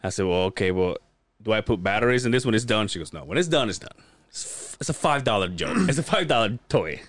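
A man's voice: fairly low pitch, expressive, quick pace, no room sound. A man co-hosting a podcast in casual chat, rambling through stories, laughing often and acting out other people's lines. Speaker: podcast co-host.

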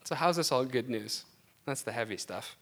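A man preaching a casual, conversational sermon with animated delivery and self-deprecating asides. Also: mid-range voice, normal speed.

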